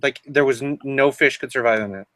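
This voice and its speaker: A man's voice: mid-range voice, brisk, fairly bright tone, dry recording. A man hosting a casual chat stream, joking and laughing often. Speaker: stream host. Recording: dry, dull lo-fi mic.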